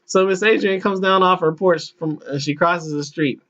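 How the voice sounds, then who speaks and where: A man's voice: high-pitched, moderate pace, fairly bright tone. A man in his thirties hosting a podcast, telling a long personal story casually, laughing often, restarting sentences and acting out voices. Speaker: podcast host. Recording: muffled lo-fi podcast audio.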